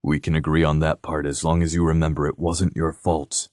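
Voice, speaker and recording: A man voicing a restless, protective young man in an audiobook, speaking in a gruff, clipped way. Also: extremely low pitch, little pitch movement, fairly quick, a little mellow, no room sound, clean studio sound. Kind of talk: audiobook character voice.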